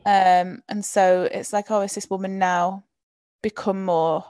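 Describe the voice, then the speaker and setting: A woman's voice: mid-range voice, steady tone, a little slow, dark tone, dry recording, studio quality. A woman in casual book chat, enthusiastic and casually sweary.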